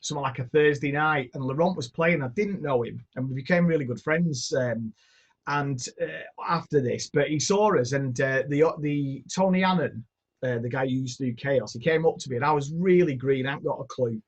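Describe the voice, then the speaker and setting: A man's voice: mid-range voice, fairly quick, husky. A middle-aged man from northern England, chatting casually and telling rambling stories as a music producer. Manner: chatty storyteller, rambling anecdotes, swears casually. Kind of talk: casual chat.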